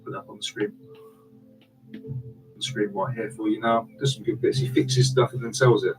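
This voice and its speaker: A man's voice: fairly low pitch, fairly even intonation, moderate pace, music in the background, poor audio. A man chatting casually on a live stream, repeating himself and thanking viewers. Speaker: online reseller and streamer.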